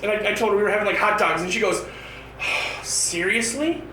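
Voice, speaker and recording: A high-voiced stand-up comedian performs a set at an indoor bar open mic, telling rambling stories and restarting often. His tone is steady and his delivery rapid-fire, but he is far from the mic, off-mic in an echoey room over a noisy crowd.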